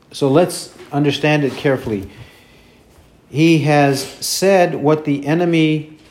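Slow, deliberate male preacher. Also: a little high, a little mellow. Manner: slow, deliberate, repeats phrases for emphasis. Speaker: pastor. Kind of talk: expository sermon.

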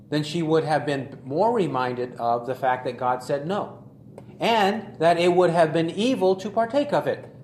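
A man preaching an expository sermon, deliberate and emphatic, repeating key phrases for stress. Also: a little high, darkish tone. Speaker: pastor. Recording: echoey room with faint ambient noise.

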